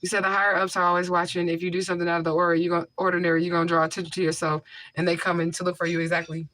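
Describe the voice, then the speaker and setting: A woman's voice: on the low side, flat delivery, rapid-fire, a bit bright, no room sound. A woman hosting a casual livestream, blunt and repetitive for emphasis, answering viewer comments into a mic with a homemade tissue filter. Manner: blunt, repeats herself for emphasis. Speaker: livestream host.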